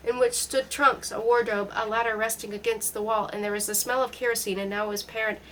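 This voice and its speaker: A woman's voice: a little high, steady tone, fast talker, a bit bright, a little hiss or hum, rough recording. Woman reading a literary audiobook. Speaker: audiobook reader.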